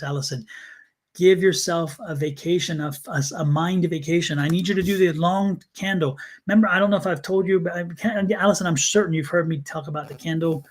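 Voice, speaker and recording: Earnest male tarot reader, higher voice. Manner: earnest, repetitive, addresses viewers by name. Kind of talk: live-stream tarot reading.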